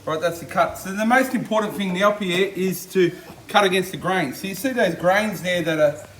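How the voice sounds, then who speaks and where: High-voiced enthusiastic Australian chef. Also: male voice, moderate pace, fairly bright tone, slight background noise. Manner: enthusiastic, repeats catchphrases. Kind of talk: casual cooking demonstration. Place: backyard at home beside a smoker.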